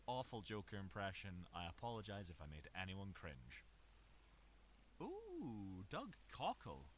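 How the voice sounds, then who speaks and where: A man's voice: deep voice, a little slow, a little hiss or hum. A Scottish man, a voice actor, rambling chattily and mocking himself in a small cupboard recording booth. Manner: chatty, self-mocking, animated.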